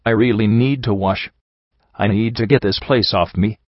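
A man voicing a fragile young female pegasus who speaks softly and shakily, in an apologetic way. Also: fairly low pitch, fairly even intonation, normal speed, no echo, natural voice. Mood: shaky. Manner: soft, shaky, apologetic. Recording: dull lo-fi recording.

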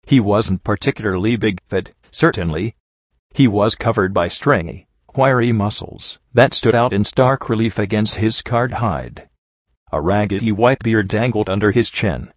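A man narrates a first-person story in a steady, low voice, reading each scene with a descriptive pace. The sound is dry and close, and the recording has a dull, lo-fi edge. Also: measured pace, no echo. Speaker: audiobook narrator.

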